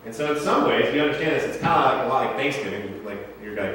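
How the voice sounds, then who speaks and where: A man's voice: medium pitch, animated, fast talker, fairly bright tone, a little hiss or hum. Joking male pastor in an echoey church. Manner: casual, joking and conversational, asking the congregation questions. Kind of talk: sermon. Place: church sanctuary. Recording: echoey church hall from far off.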